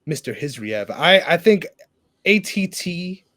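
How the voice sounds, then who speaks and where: A man's voice: fairly high pitch, very animated, a little slow, fairly bright tone. A young man co-hosting a casual sports podcast, teasing his partner, hyped up and swearing freely. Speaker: podcast co-host.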